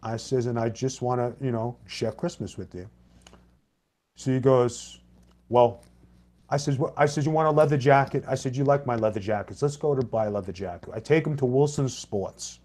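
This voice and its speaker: A middle-aged man telling an anecdote in a plain, blunt way, his voice sitting at an ordinary pitch. He plays both sides of the dialogue in his own voice. It's unpolished and conversational. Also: moderate pace, a little mellow. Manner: plain-spoken, blunt, with mild cursing. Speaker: former pro wrestler and co-host.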